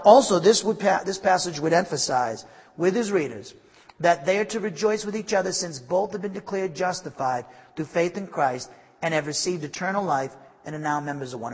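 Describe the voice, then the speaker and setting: Emphatic preaching man, husky voice. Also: fairly high pitch, long reverb tail. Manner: emphatic preaching with asides and restarts. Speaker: pastor. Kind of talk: sermon.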